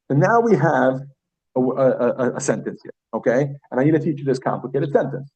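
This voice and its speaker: A man teaching a Yiddish class, chatty and lively, who repeats words slowly and asks the class questions. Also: mid-range voice, husky, poor audio. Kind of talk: classroom lesson.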